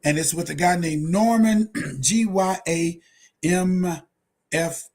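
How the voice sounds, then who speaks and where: Fiery husky-voiced preacher man. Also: high-pitched, slow, darkish tone. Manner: fiery, preacherly, laughs often, repeats lines for emphasis. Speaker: ministry livestream host. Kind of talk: impassioned livestream commentary.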